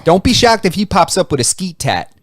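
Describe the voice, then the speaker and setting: A man's voice: high voice, fairly quick, dry recording, clean studio sound. A man co-hosting a podcast, trading jokes and trash talk in casual banter. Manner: joking, animated, trash-talking. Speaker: podcast co-host.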